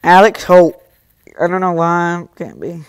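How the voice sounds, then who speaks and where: A man's voice: sits high, steady tone, a little slow, smooth, dry recording, studio quality. A young man live streaming, reading and answering his chat in casual talk, scolding some viewers and joking with others. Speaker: livestreamer.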